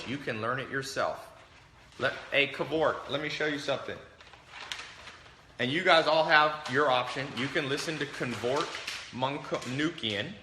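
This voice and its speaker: A man hosting a livestream, giving a brash, animated motivational talk and acting out the voices he quotes. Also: mid-range voice, echoey room, noisy background. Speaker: livestream host. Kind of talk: motivational talk to a live audience.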